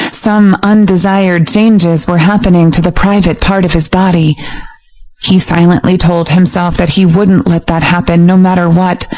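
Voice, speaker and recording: A woman narrating a romance audiobook in a steady, even storytelling voice. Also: fairly low pitch, low-quality recording. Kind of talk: scripted narration.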